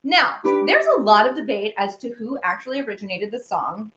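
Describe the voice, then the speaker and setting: A woman's voice: a little high, big pitch swings, normal speed, fairly bright tone. A woman from Oklahoma with a Southern accent, a singer and host chatting casually with viewers between songs and answering their comments. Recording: lo-fi with ukulele playing. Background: ukulele music.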